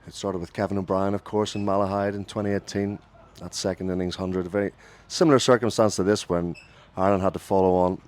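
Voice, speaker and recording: A man leading a radio cricket broadcast from a commentary booth, calling each ball in a lively way and correcting himself as he goes. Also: sits low, quick pace.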